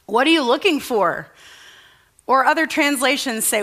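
A woman's voice: on the high side, measured pace, bright, forceful tone. A woman pastor giving a conversational sermon at a church service, earnest and casual, asking the congregation questions.

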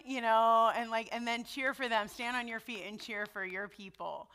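A woman's voice: on the high side, moderate pace, few pauses, pushed and bright, smooth. A middle-aged woman giving a sermon in a personal, conversational way, often checking in with her listeners. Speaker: preacher.

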